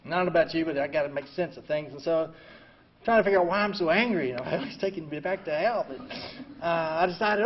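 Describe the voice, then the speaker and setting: An older veteran shares his own recovery story in an emotional personal talk, swinging from quiet to loud and laughing. His voice is on the high side and a little fast. The lo-fi recording sounds dull, with faint ambient noise.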